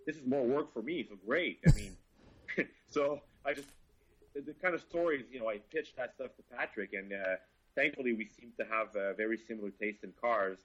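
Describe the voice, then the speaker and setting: A man's voice: mid-range voice, animated, fairly quick, fairly bright tone, slightly rough, muffled recording. A Canadian car reviewer, a man, chatting casually and with enthusiasm, swearing freely. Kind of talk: casual chat.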